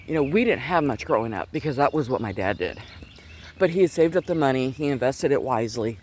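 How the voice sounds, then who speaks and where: Speaking through a Bluetooth earpiece, a middle-aged man tells a personal faith story as he walks outside in the cold, a little out of breath and restarting often in his earnest ramble. His mid-range voice moves quickly with lively intonation and a darkish tone, with some faint hiss or hum.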